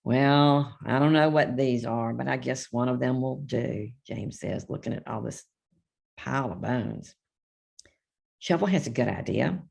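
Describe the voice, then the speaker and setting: A woman's voice: a bass voice, measured pace, vocal fry, darkish tone, husky. An older woman, the book's author, reading a children's picture book aloud live, chatting between pages and giving the characters little voices. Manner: chatty, reads character lines with small voice shifts and asides.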